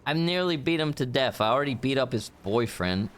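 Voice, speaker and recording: A man's voice: mid-range voice, lively intonation, brisk, slight background noise. A man streaming a video game live, chatting with viewers and swearing in frustration at a boss fight. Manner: swearing, frustrated, breaks into shouts. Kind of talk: live gameplay commentary. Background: game music.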